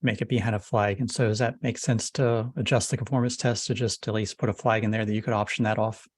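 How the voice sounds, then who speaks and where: A man leading a technical meeting over a video call, talking casually in a self-described monotone. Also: fairly low pitch, fast talker, breathy edge, no room sound. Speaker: meeting lead.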